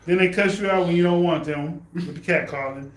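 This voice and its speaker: A man's voice: high-pitched, a little fast. A middle-aged man hosting a podcast in casual, playful chat, often laughing. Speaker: podcast host. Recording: echoey room, faint noise.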